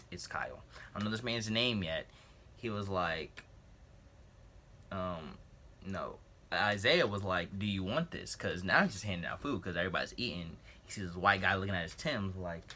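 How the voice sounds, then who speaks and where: Teen male vlogger with a low, forceful voice, loose and rambling as he tells a school story. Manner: rambling, jokey asides, clears throat often. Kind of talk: casual storytelling.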